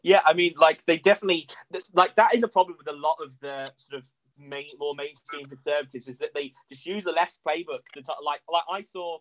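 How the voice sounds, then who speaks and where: A man's voice: on the high side, a bit bright, poor audio. A man in a casual podcast chat, often stumbling and restarting his sentences. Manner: halting restarts, stumbling over words.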